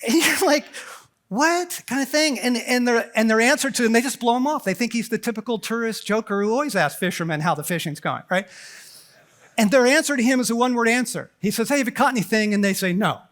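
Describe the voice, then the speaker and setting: Man, middle-aged, high voice, animated storyteller, playful quote voices, conference talk. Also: fast. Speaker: conference speaker. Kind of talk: lively sermon-style talk to a men's conference. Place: conference hall.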